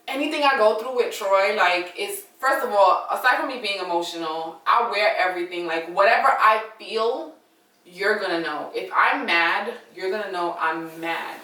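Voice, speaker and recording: A woman's voice: mid-range voice, a little slow, sharp tone, reverberant, recorded from a distance, poor audio. A young adult woman telling a story in a casual, dramatic way and talking straight to her viewers. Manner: chatty, dramatic, addresses viewers as y'all.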